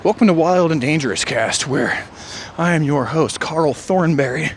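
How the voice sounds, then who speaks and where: Faint rain hiss accompanies this vlogger, a man whose voice is on the high side with lively intonation. Running along an outdoor trail in the rain, he rambles, jokes, and muses between winded, drawn-out sighs.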